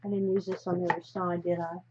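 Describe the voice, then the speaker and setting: On a crafting live stream, a chatty US woman wanders from thought to thought, often breaking off mid-sentence to begin anew. Her low voice is flat and quick-paced, and the recording is a little dull, with a faint hiss beneath.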